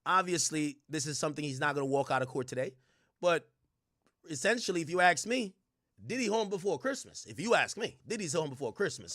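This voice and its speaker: Loud high-voiced man ranting on stream. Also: animated, fairly quick, no room sound, clean studio sound. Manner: loud, joking, profane rant. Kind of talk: live reaction commentary.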